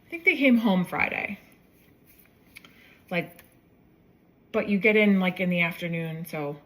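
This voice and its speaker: A woman's voice: fairly low pitch, animated, measured pace, a bit bright, poor audio. A young woman telling a personal story casually, rambling and correcting herself with many fillers, while cooking in her kitchen. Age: young adult. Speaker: vlogger.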